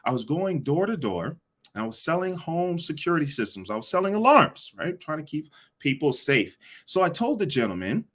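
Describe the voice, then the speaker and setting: A man teaching a live online sales session, energetic and repetitive, asking the audience to answer back. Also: a little high, normal speed. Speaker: sales coach.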